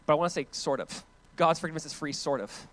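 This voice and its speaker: A man, a pastor preaching a conversational, animated sermon that swings between loud emphasis and quiet, hushed lines. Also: a little high, fast talker.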